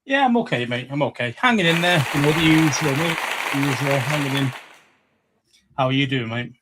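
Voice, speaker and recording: A man's voice: medium pitch, animated, a little fast, heavy background noise. A man with a Scouse accent co-hosting a casual podcast, easygoing and jokey, often repeating himself. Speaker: podcast co-host.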